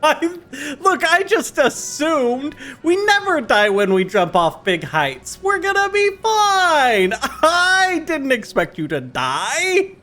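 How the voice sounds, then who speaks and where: A woman's voice: high-pitched, very animated, takes it slowly, few pauses, a bit bright. A woman playing a game with a friend, chatting in a playful, giggly way. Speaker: co-player. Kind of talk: casual gaming chat.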